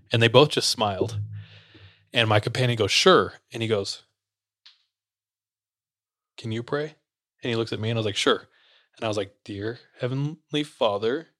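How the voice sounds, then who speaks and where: A man's voice: mid-range voice, fairly bright tone, dry recording, studio quality. A young man, a podcast co-host, telling a story in casual chat and acting out the lines of the people in it. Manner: loose, laughing, acts out quotes.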